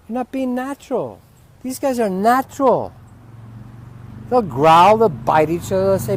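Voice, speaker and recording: A male spiritual teacher talks off the cuff, swearing freely and swinging into loud, heated outbursts. He is outdoors, with dogs close by. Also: sits high, lively intonation, unhurried, long pauses. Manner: profane, heated ranting with sudden loud outbursts. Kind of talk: unscripted spiritual teaching talk.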